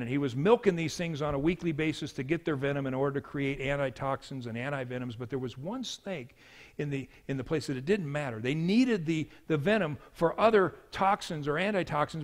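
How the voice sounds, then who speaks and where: A man preaching a sermon as pastor, telling a story with swings from hushed to loud. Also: fairly high pitch.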